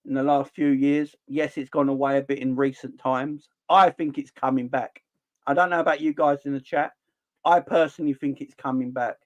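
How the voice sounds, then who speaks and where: A man's voice: on the high side, muffled recording. Jokey man on a livestream. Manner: animated, jokey, blunt slang. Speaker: fan channel host. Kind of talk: casual livestream chat.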